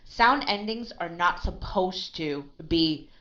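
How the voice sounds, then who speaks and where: A woman's voice: fairly low pitch, expressive, slow, sharp tone, muffled recording. A woman teaching pronunciation in a live lesson, patiently correcting a learner and often checking in with "okay?" and "right?".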